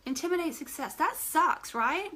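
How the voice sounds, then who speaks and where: Emphatic bright-voiced woman coaching leaders. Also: high-pitched, expressive, normal speed. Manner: emphatic, repeats phrases for stress; addresses listeners directly, asks for comments. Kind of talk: live motivational talk to viewers.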